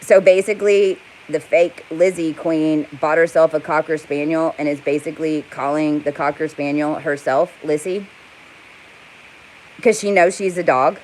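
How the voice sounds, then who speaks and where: A woman's voice: deep voice, steady tone, moderate pace, darkish tone, a little hiss or hum, poor audio. Ranting profane woman vlogger. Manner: angry, profane, rambling rant. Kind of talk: heated monologue to camera.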